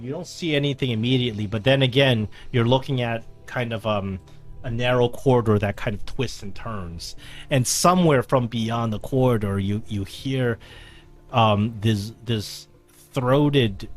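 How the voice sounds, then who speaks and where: A man narrating a tabletop game as game master, describing scenes in a halting way and often repeating words. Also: medium pitch.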